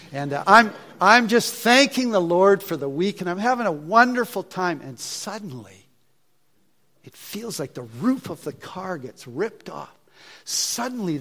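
Male preacher, slightly high voice, animated storyteller with hushed asides. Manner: animated, acts out his own thoughts, drops to hushed asides. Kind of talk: storytelling sermon.

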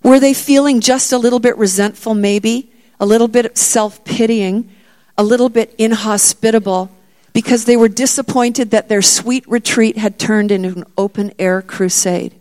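A woman's voice: on the high side, steady tone, normal speed, darkish tone. Woman preacher, middle-aged, storytelling sermon, acts out voices with growing emphasis. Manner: storytelling, acts out the disciples' lines with rising emphasis.

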